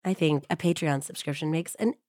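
A woman co-hosting a true crime podcast in a studio, her voice husky from a cold, moving between upbeat chat and a measured storytelling read. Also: low voice, warm tone, dry recording. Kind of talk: conversational true crime podcast, reading narration.

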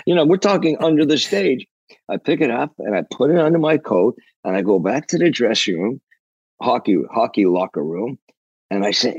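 Husky older man telling rowdy stories. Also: mid-range voice, normal speed, no room sound, lo-fi sound. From Canada. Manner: rambling, animated, profane, restarts sentences. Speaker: guest, rock drummer. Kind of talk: storytelling interview.

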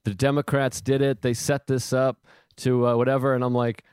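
A man's voice: medium pitch, flat delivery, moderate pace, darkish tone, smooth, dry recording. Man, casual chatter, rambling and jokey, dead-dry recording. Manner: rambling, self-interrupting, jokey. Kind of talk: casual chat. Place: home in Queens.

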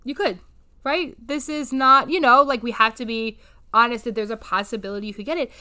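A bright-voiced woman co-hosting a podcast, her tone sitting a little high. She talks in an animated, candid way, swearing freely and laughing often. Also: a little fast, smooth. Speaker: podcast co-host, therapist. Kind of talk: casual chat.

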